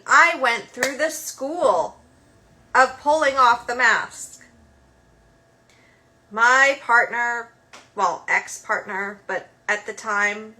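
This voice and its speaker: A woman's voice: a little high, bright, forceful tone. A woman hosting her own show, talking casually and emphatically, with lots of filler words. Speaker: host. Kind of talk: casual monologue.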